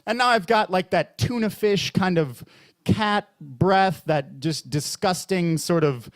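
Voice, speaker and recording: A man hosting a bar comedy open mic, rambling through a stand-up bit with lots of fillers and restarts, jumping into mock voices for the punchlines. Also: slow pace. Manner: jumps into high mock voices and low pompous voices for bits.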